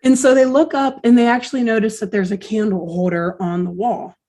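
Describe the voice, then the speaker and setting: A woman's voice: on the high side, steady tone, brisk, warm tone. A woman co-hosting a podcast, recapping a cartoon episode in casual chat, swearing and laughing often.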